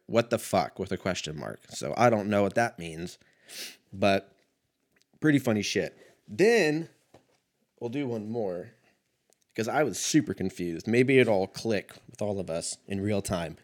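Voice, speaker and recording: A man's voice: lowish voice, animated, normal speed. A man in his thirties talking casually on his own, rambling and mocking himself, swearing and laughing often. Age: 30s. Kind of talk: casual solo monologue.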